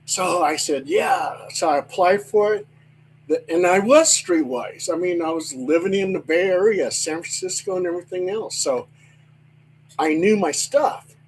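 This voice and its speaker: An older man telling stories from his working life in a casual chat, animated and swearing freely. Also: high-pitched, measured pace, slight background noise, low-quality recording. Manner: animated storyteller, swears freely, acts out voices.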